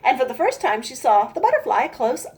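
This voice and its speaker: A woman reading a children's picture book aloud in an expressive storytime voice, stopping to ask listeners questions and comment. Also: high-pitched, fairly quick.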